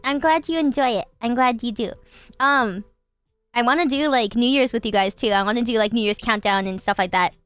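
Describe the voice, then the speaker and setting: A woman's voice: a little high, fairly quick, a bit bright, clean tone, dry recording. A woman hosting a livestream, chatting casually with her viewers in a bubbly, giggly way with lots of filler words. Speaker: livestream host.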